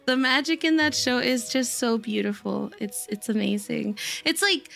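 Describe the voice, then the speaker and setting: A woman's voice: fairly high pitch, moderate pace, creaky, few pauses, fairly bright tone, faint music behind. A woman streamer chatting casually with her viewers, giggly and gushing and laughing often. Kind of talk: casual live-stream chat.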